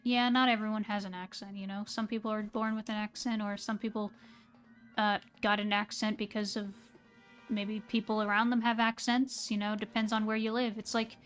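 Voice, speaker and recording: A woman's voice: mid-range voice, level tone, moderate pace, a bit bright, clean tone. Woman, standard American accent, casual live-stream chat, rambling with fillers, faint game music behind. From American South. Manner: rambling, hesitant with many fillers.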